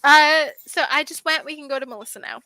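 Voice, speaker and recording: A woman's voice: high-pitched, fast talker, sharp tone. A young woman hosting a livestream, chatting casually, laughing a lot and swearing freely. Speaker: livestream host. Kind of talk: casual chat.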